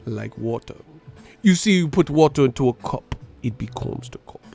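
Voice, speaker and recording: A man voicing a calm male martial-arts master teaching philosophy, speaking in a hushed, slow, half-whispered way. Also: mid-range voice, vocal fry, breathy edge, faint music behind. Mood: calm, philosophical.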